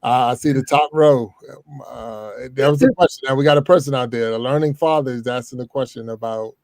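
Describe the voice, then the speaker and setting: A man's voice: mid-range voice, a little fast, a little mellow, no room sound. A man hosting a talk show, reading a listener's question and responding in a hesitant way. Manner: hesitant, many fillers and restarts. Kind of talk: casual conversation.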